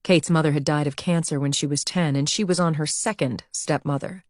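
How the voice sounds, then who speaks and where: A woman narrating an audiobook with even, measured storytelling. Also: low voice, no room sound, clean studio sound. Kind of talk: scripted narration.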